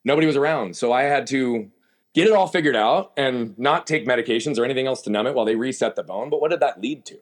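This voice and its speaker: Talking fast in a mid-range voice, a man appears as an interview guest on a podcast. He recounts his story with candor and emphasis, often asking himself rhetorical questions.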